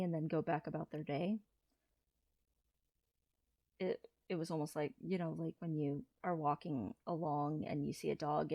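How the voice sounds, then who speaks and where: A trans man in his thirties, talking through a personal confessional vlog in a low-key, hesitant way with frequent restarts. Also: darkish tone, no echo. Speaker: vlogger.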